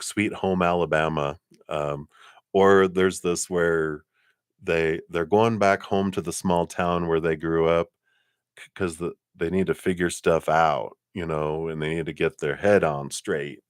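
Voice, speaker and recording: A man's voice: sits low, clear, resonant tone, no room sound, studio quality. A man giving casual live tarot readings in a laid-back, chatty way, laughing often and letting sentences trail off. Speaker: tarot reader.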